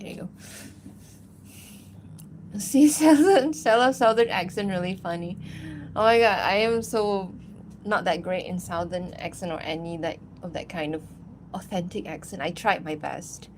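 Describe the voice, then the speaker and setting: Woman chatting on her stream while she animates, giggly and rambly, lots of likes and ums, faint noise behind. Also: lowish voice. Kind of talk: casual livestream chat.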